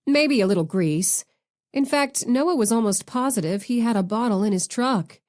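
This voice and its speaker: Woman audiobook narrator, steady expressive read. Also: a little high, normal speed. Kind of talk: scripted narration.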